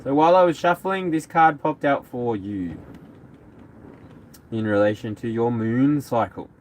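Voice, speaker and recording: A man's voice: medium pitch, unhurried, darkish tone. A man hosting a live tarot reading stream, chatting casually with viewers, rambling and laughing often. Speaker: tarot reader.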